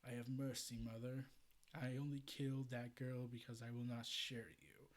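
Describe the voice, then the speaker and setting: A man reading aloud the lines of a menacing machine hive mind that speaks through a child, in a quiet, measured, ominous way, in his plain voice. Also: medium pitch, little pitch movement, lightly acted. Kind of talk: reading comic dialogue aloud.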